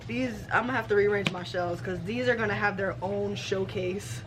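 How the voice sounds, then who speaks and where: A woman in her twenties vlogging casually, excited and gushing, laughing often and using casual slang. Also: medium pitch, moderate pace, background noise. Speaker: book vlogger. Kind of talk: casual vlog.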